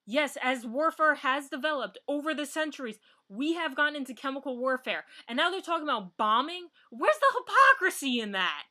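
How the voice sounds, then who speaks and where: A young American woman vlogs a heated political rant at home on a built-in computer mic. Her voice sits high and sounds pushed and bright as she talks a little fast with hardly any pauses, blunt and swearing, often breaking off and starting over.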